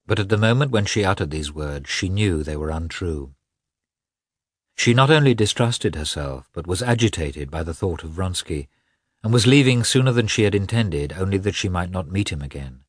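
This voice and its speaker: A man narrating a classic novel with an expressive, measured reading. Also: sits low, slightly rough, no room sound, studio quality. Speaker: audiobook narrator. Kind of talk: scripted narration.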